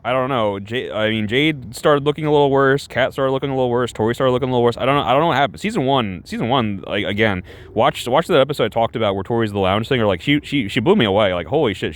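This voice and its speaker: A male streamer chats casually on a livestream, rambling and self-conscious, restarting half his sentences. His voice sits at an ordinary mid pitch.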